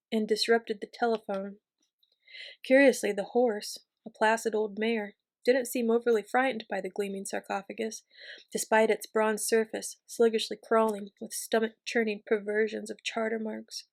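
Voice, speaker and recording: A woman reading a novel aloud in a measured, steady way. Her voice sits a little high and moves within a narrow, level range. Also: gravelly. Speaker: reader. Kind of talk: audiobook reading.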